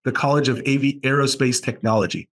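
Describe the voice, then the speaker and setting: A man from Boston, guest on a podcast interview, talking about his college aviation program with enthusiastic, animated storytelling. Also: mid-range voice, fast talker.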